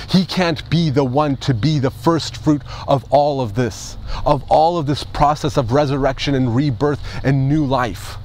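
A man's voice: mid-range voice, a little mellow, a little hiss or hum. A male pastor delivering an Easter sermon, emphatic, with rhetorical questions and repeated phrases.

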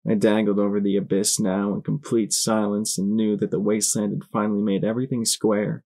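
A man reads a dramatic first-person story as an audiobook. His voice sits fairly low and his reading is measured and expressive. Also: gravelly. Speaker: audiobook narrator.

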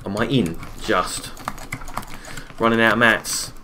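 A man streaming a game live, chatting casually, reading viewers' messages aloud and answering them between quick calls about the play. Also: lowish voice, background noise. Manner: relaxed, chatty, repeats his own phrases. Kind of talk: casual live-stream commentary while gaming.

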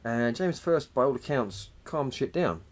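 Man, podcast co-host, casual banter, loose and rambling, mid-pitched voice. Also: expressive, moderate pace.

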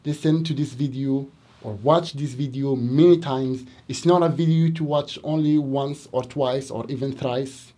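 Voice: medium pitch, fairly even intonation, measured pace, warm tone. An English teacher with a Moroccan accent giving a lesson to Arabic speakers, repeating words and stressing them theatrically.

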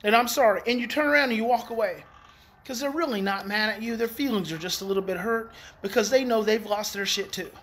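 A man and parenting educator in a casual daily talk to viewers. He is emphatic, repeats key phrases and swings in pitch. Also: brisk, fairly bright tone. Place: outdoors in the evening.

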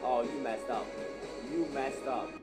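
A man doing excitable gameplay commentary, trash-talking his opponents. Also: on the high side, normal speed, music in the background. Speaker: gamer in played clip.

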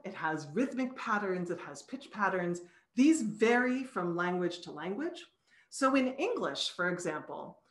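Woman professor, explanatory lecture, sounds out syllables, mid-pitched voice, echoey video call audio. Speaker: psychology professor giving a talk. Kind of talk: recorded online lecture.

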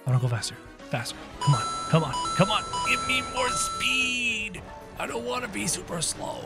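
A man doing excitable casual gameplay commentary, talking straight to his viewers. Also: high-pitched. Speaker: gaming YouTuber.

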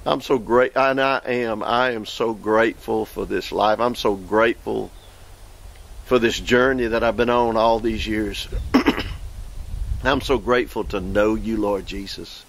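Exuberant Southern preacher man, gravelly. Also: lowish voice, measured pace. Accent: Southern American. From southeastern United States. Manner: exuberant, exclaims and laughs, repeats words when excited. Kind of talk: informal sermon with storytelling.

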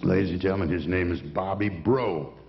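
Gravelly bandleader joking on stage. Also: male voice, low-pitched, a little fast, long reverb tail, muffled recording, noisy background. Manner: folksy storyteller, teasing the band members. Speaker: bandleader introducing his band. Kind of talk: on-stage joke-telling and band intros. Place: outdoor jazz festival stage. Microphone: stage microphone.

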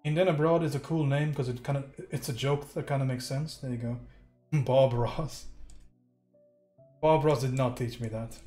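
A man's voice: medium pitch, steady tone, normal speed, dark tone. Joking, swearing man streaming a critique. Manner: loose and joking, swears, talks to chat while painting. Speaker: livestreaming art instructor. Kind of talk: casual live painting critique. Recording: roomy echo, faint background music.

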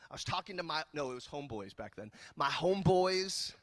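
A man from California preaching a sermon as pastor, telling jokes and stories in an animated way. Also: a little high, fairly quick, no room sound, studio quality. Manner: animated, joking storyteller. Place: church.

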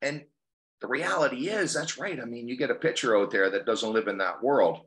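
Halting, folksy man co-hosting. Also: medium pitch, lively intonation, a bit bright. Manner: halting and folksy, repeats words and restarts. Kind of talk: casual podcast discussion.

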